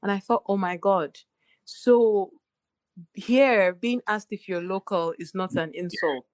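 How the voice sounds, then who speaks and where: A woman's voice: mid-range voice, measured pace, a little mellow, dry recording. A woman from Nigeria, telling stories animatedly in a casual podcast conversation, with many restarts and fillers. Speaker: podcast co-host.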